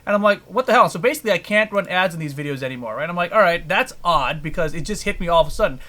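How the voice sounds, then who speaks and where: A man's voice: high-pitched, expressive, rapid-fire, pushed and bright. A man hosting a casual podcast, ranting about a frustration and swearing heavily. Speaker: podcast host.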